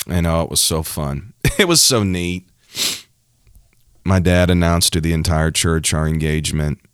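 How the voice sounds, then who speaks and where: A man's voice: deep voice, measured pace, clean tone, dry recording, studio quality. A young man, a preacher, giving a personal testimony in a preaching style, emotional and emphatic, repeating phrases for effect.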